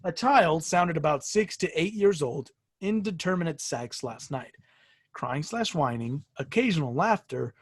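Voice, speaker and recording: A man's voice: lively intonation, unhurried, husky, dry recording, studio quality. A man co-hosting a podcast, casually reading creepy stories aloud and joking with friends. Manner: jokey, bursts into shrill shouted ghost voices. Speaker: podcast co-host.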